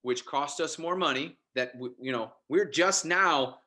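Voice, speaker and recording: A man's voice: on the high side, a little slow, pushed and bright. A man as a podcast guest, telling his life story casually and with animation, often restarting and repeating words. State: married father.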